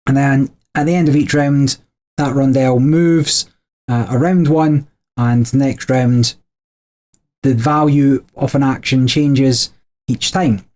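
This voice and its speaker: A man's voice: mid-range voice, steady tone, slow pace, darkish tone. A man co-hosting a podcast, explaining board game rules in a chatty way with frequent small laughs. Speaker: podcast co-host.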